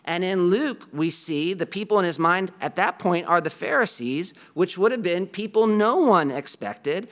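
Man preaching a sermon, slightly high voice. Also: animated, normal speed, few pauses, fairly bright tone. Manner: earnest, conversational preaching with a self-deprecating aside. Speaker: pastor.

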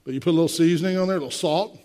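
A man's voice: a little high, very fast, mellow. A man in his sixties preaching a sermon, emphatic, with rhetorical questions and direct asides to the congregation. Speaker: pastor.

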